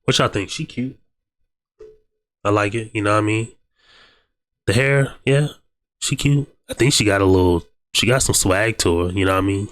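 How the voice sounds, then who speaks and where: A young man with a fairly low voice and a cold, talking loosely in slang as he reacts to a video. He speaks straight to his viewers in a relaxed, offhand way. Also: moderate pace, pauses often. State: sick with a cold. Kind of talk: casual reaction commentary.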